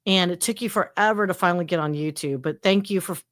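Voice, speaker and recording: A woman co-hosting a casual podcast, talking in a chatty, animated way with lots of fillers. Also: on the low side, fast, no echo, clean studio sound. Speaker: podcast co-host. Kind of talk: casual chat.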